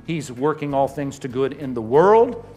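A male pastor preaching a sermon, animated and emphatic, rising and falling as he drives points home. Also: medium pitch, moderate pace, soft background music.

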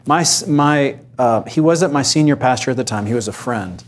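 A pastor candidly telling a personal story of hardship on a panel. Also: male voice, mid-range voice, normal speed.

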